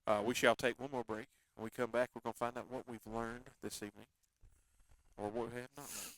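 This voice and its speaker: A laid-back man hosting a radio talk show in a drawl, teasing his co-host in casual chat. His voice is bright and forward, and the studio sound is dry and close. He speaks at a mid pitch. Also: little pitch movement, fairly quick, no room sound, poor audio.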